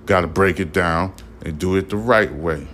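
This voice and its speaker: A man's voice: low voice, moderate pace, a bit bright, slight background noise. A man from talks through the news on his own podcast. His words come out a little slurred. He keeps repeating points and firing rhetorical questions at the listener. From Brooklyn, New York. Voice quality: slightly slurred speech. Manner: repetitive, emphatic, rhetorical questions. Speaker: podcast host. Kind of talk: spoken news commentary.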